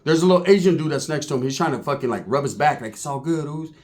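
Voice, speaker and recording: Animated, profane male storyteller. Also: fairly high pitch, fast. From California. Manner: animated, crude, acts out other people's voices. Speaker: former prisoner telling a story.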